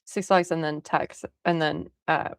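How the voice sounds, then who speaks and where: A young woman streamer casually telling a story, animated, often laughing and swearing freely. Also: low voice, measured pace, vocal fry, smooth, no echo.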